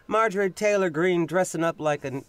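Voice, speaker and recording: A woman's voice: lowish voice, moderate pace. A woman co-hosting a casual podcast chat, stuffed up from a cold and given to dramatic outbursts. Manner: dramatic, exclaiming. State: congested from a cold. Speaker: podcast co-host.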